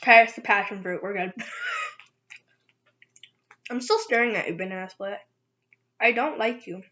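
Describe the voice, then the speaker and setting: A woman's voice: mid-range voice, a little fast, bright, forceful tone. Giggly young woman vlogger, lo-fi sound. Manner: giggly, rambling, self-teasing. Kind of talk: casual eating vlog. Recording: dull lo-fi sound.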